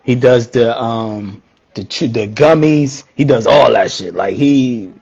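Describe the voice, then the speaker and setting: A man co-hosting a casual live-stream chat, relaxed and offhand as he gives shout-outs. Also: mid-range voice, slow pace, vocal fry, slightly rough. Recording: dull lo-fi audio.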